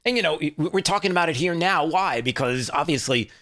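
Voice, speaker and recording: A man's voice: fairly high pitch, expressive, fairly quick, sharp tone. A man hosting a commentary show, rambling with many fillers and jokey asides. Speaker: show host. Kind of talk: casual commentary.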